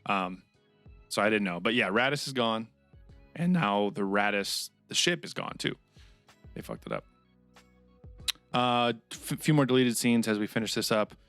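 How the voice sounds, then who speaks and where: A man's voice: fairly low pitch, normal speed, pauses often, fairly bright tone, no room sound, faint music behind. A man co-hosting a casual comedy podcast, giving blunt opinions and swearing casually as he reads out chat questions. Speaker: podcast co-host.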